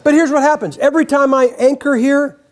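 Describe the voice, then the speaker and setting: A man's voice: very high voice, fairly even intonation, brisk. An older man preaching a folksy, joking sermon in a church, acting out quotes as he goes. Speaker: guest preacher. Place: church sanctuary.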